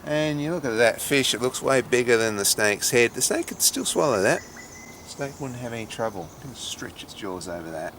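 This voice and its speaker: A man's voice: mid-range voice, lively intonation, moderate pace, noisy background. A middle-aged man with an Australian accent, a snake handler giving chatty, dry vlog commentary.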